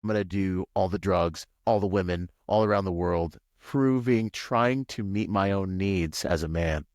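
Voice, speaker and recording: Low-voiced man telling a long story. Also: moderate pace, dry recording, studio quality. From Washington State, USA. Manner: rambling, animated storyteller full of "like" and "you know"; acts out quoted voices with pitch jumps. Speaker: podcast guest. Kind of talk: casual storytelling interview.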